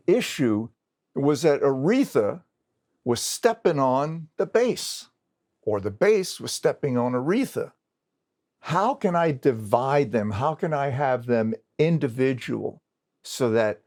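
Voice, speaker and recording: A man's voice: mid-range voice, a little mellow. A man in his sixties, a recording engineer, telling a story and acting out the dialogue with other people. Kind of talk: storytelling interview talk.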